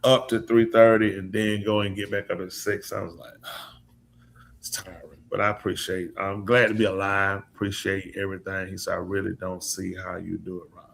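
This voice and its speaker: A male preacher hosting a live talk show, telling stories in a lively way and acting out the voices of the people he quotes. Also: deep voice, fairly quick, creaky, few pauses. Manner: lively storyteller who acts out quoted voices. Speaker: podcast host and preacher. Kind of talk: casual storytelling chat.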